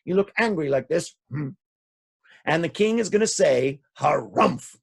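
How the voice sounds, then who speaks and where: A man's voice: on the high side, expressive, normal speed. A man telling stories to children, playful and interactive, guiding his listeners through sound effects. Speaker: storyteller. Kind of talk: animated children's storytelling.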